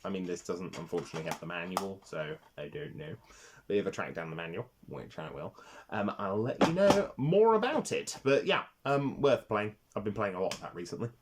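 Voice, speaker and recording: A man's voice: low voice, sing-song, a little fast, background noise. A man hosting a casual retro game review vlog, talking with rambling enthusiasm and swearing freely.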